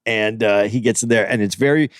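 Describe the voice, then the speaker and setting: A man's voice: on the low side, brisk, dry recording, studio quality. Eager rambling male podcast host. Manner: eager, rambling retelling with many restarts. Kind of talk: casual chat.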